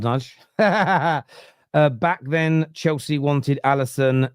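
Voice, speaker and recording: A man's voice: medium pitch, darkish tone, no room sound, studio quality. A man hosting a live football reaction stream, chatting casually and reading out viewer messages. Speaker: show host.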